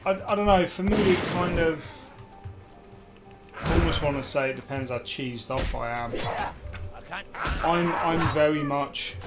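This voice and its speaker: A woman's voice: sits low, unhurried, pauses often. A woman streaming a game, talking in a laid-back, hesitant way with lots of ums. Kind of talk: casual chat while gaming. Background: loud game music.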